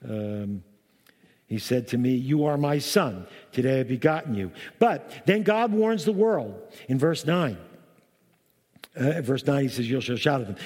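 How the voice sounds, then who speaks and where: A man's voice: expressive, a little slow, darkish tone, husky. A man preaching a sermon, reading scripture aloud with emphatic, rising delivery and breaking off to explain it. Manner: emphatic, reads verses aloud with rising pitch. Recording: long hall reverb.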